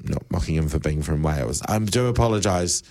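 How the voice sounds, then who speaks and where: A man's voice: extremely low pitch, expressive, brisk, mellow. A man presenting a chat show, reading news stories aloud with laughing asides and bursts of mock panic. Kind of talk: casual chat show banter. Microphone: studio microphone.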